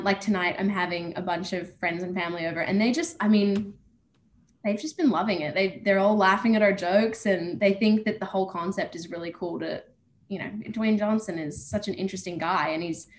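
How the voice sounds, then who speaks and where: A woman's voice: medium pitch, moderate pace. A young woman, an actor, chatting casually and bubbly in an interview over a video call. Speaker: actor guest. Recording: echoey room with faint noise.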